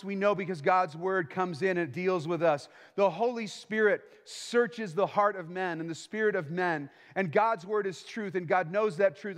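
Pastor guy preaching, kinda high voice, big echo tail from the hall, acts out chit chat bits. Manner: emphatic preaching, acts out quoted small talk. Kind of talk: sermon.

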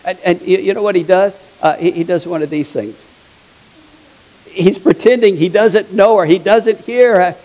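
A man's voice: sits high, normal speed, darkish tone, low-quality recording. A man preaching a sermon as a pastor, telling stories in a chatty, humorous way. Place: church sanctuary.

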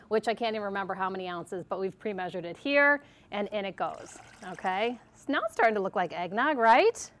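A woman's voice: medium pitch, fairly bright tone. A woman from Arkansas hosting a TV cooking segment, chatty and jokey as she mixes a recipe on a studio kitchen set. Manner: bubbly, jokey, talks to camera while mixing.

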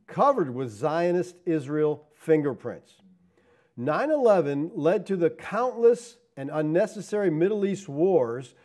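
An energetic male preacher addresses his church, tossing out rhetorical questions. His voice rises into loud, emphatic passages, then drops into low asides.

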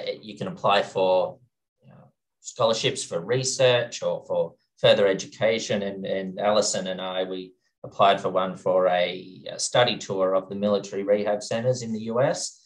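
An easygoing man with an Australian accent and a lowish voice, answering questions in a relaxed, plain-spoken way. He sounds unhurried and conversational as a podcast guest. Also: low-quality recording. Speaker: podcast guest, exercise physiologist. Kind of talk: casual interview.

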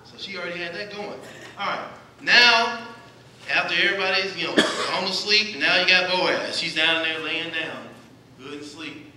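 A man's voice: high voice, moderate pace, sharp tone, a little hiss or hum. A man preaching a sermon, asking the congregation questions and answering them himself. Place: church sanctuary. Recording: echoey church hall, distant mic.

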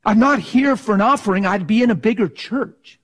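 A middle-aged man preaching a sermon in a passionate, animated way, sometimes acting out voices for effect. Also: high-pitched, normal speed.

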